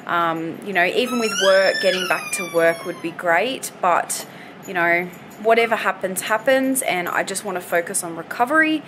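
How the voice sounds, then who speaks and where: A woman in her late twenties talks plainly and a little haltingly about her recovery, at a middle pitch, filling gaps with "you know" and "um". She speaks from her home, with faint room noise under her voice. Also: expressive, fairly bright tone, poor audio. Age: 20s. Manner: candid, hesitant, many "you know" fillers. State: recovering from hip surgery, on crutches. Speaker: vlogger giving a recovery update. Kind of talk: casual personal update. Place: at home with pets nearby.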